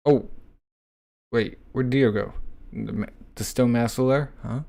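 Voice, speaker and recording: Slow-talking man reading a comic aloud. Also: mid-range voice, fairly even intonation, creaky, mellow. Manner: reads lines and sound effects aloud, with a casual "like". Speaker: reader reacting to a comic. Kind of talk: casual comic read-through with reactions.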